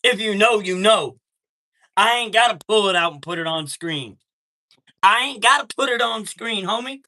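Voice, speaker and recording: A man's voice: sits high, animated, moderate pace, bright, forceful tone. A man hosting a live stream, telling a heated story in a profane, streetwise way and greeting viewers from chat.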